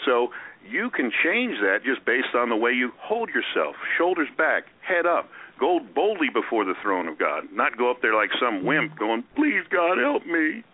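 A man who is a guest on a radio talk show, talking in an animated way and acting out the voices he quotes. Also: medium pitch, moderate pace, hardly any pauses. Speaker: guest speaker. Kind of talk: radio interview. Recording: tinny phone-line radio sound.

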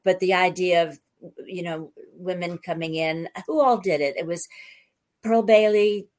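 A woman's voice: lowish voice, unhurried, darkish tone. Effusive Texas-born woman interviewing. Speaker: guest interviewer. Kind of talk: casual chat.

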